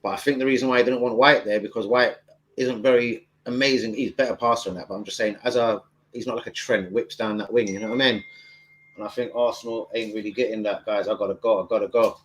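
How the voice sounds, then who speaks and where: A man's voice: on the low side, fairly even intonation, quick pace. A man, chatting loosely and swearing as he hosts a football fan live stream. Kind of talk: casual live stream chat.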